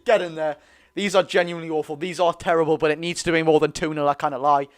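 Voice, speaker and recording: A young man with a Geordie accent giving live, excitable fan commentary on a football match, swinging between loud cheering and low muttering. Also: quick pace. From North East England. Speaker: football watch-along host.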